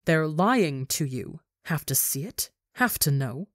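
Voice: mid-range voice, animated, slow, fairly bright tone, no echo, studio quality. Maliri: a cold, scornful tormentor woman, as a reader puts her on. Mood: insidious. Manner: cold, contemptuous, hissing. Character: cruel possessive woman haunting a young man.

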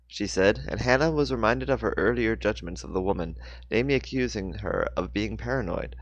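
A man's voice: fairly low pitch, a little fast, no room sound. A man reading a novel aloud, stumbling and correcting himself now and then. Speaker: audiobook reader.

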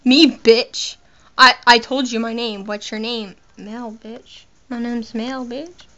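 A woman's voice: fairly high pitch, steady tone, slow pace, sharp tone. A woman giving casual, playful and profane commentary while playing a handheld game. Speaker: gamer. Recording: muffled lo-fi recording.

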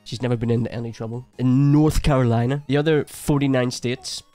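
A man's voice: mid-range voice, steady tone, brisk, mellow, no echo, faint music behind. A man hosting a reaction video, commenting casually on footage with a mocking, laughing manner.

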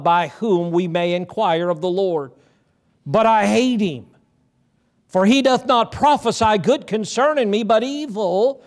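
A man with a notably high voice preaching to his congregation. He retells scripture in his own words, stumbling and restarting phrases as he goes. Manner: preaching with many repeated starts and retold Bible dialogue. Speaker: pastor. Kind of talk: sermon.

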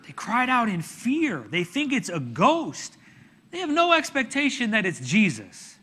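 Male pastor, high-pitched and bright, preaching with dramatic shouts and hushes. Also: measured pace, breathy edge. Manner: dramatic, animated storytelling with sudden shouts and hushed asides. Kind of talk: sermon.

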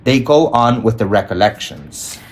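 A man reading a storybook aloud in an expressive storytelling manner. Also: lowish voice, moderate pace. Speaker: audiobook reader. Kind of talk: read-aloud storybook narration.

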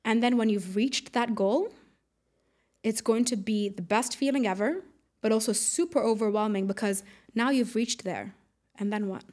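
A woman in her late twenties or thirties, a podcast guest chatting casually, upbeat and quick to laugh, acting out what people said. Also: on the high side, darkish tone. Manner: upbeat, laughs often, acts out quotes. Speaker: podcast guest, air traffic controller. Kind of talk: casual interview chat.

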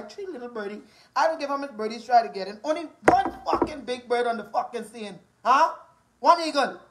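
Bahamian woman, forties, high voice, angry profane rant, repetitive taunting. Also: poor audio.

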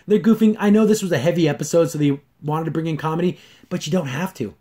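Reviewing a cartoon episode on his own, a fast-talking host with a slightly high voice rambles casually, full of fillers and restarts, and performs characters' lines in lively voices.

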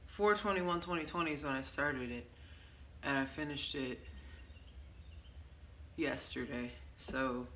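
A woman's voice: rumbling low, unhurried, pauses often, bright, forceful tone. A woman casually talking through a song she wrote, rambling with lots of ums and stopping to correct herself. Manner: rambling, loose, with many ums and self-corrections. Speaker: songwriter presenting her song. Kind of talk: casual vlog chat. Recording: roomy echo, faint background hiss.

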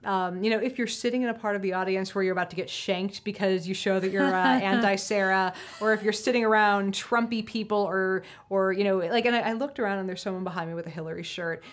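A woman in her thirties co-hosting a casual chat, telling an animated, swearing story full of restarts and laughter. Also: mid-range voice, fast, hardly any pauses. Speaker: podcast co-host.

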